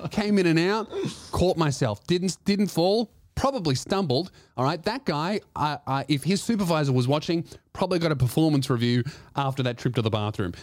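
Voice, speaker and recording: A man telling a comedic story on his podcast, animated and swearing, acting out the other voices. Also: a little high, no room sound, clean studio sound.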